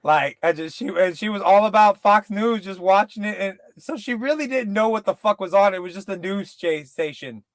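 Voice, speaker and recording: A man in casual, profane podcast chat, rambling and slipping into quick impressions. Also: sits high, dry recording. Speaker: podcast co-host.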